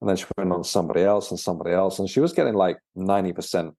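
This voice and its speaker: A man, a guest and author, telling his story in a casual interview, halting and often repeating words. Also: sits low, dark tone, no echo, clean studio sound.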